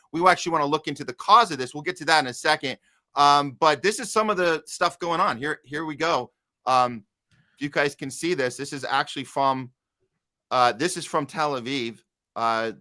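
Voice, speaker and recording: A podcast host with a medium-pitched, sharp-toned voice offers casual political commentary, rambling loosely with lots of fillers and reading headlines aloud.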